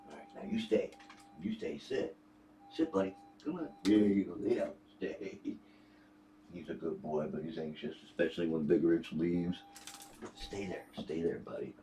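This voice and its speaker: Deep-voiced older man chatting casually. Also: moderate pace, mellow, a little hiss or hum. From Northeast Ohio. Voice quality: deep bass voice. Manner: rambling, easygoing storyteller. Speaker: guest on a livestream reading viewer messages. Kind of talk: casual livestream chat.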